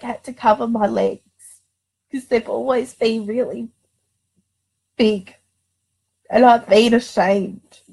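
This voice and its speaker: A woman's voice: a little high, a little mellow, low-quality recording. A woman telling a personal story on her vlog, emotional and close to tears, rambling with many restarts. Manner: emotional, tearful, confiding. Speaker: vlogger.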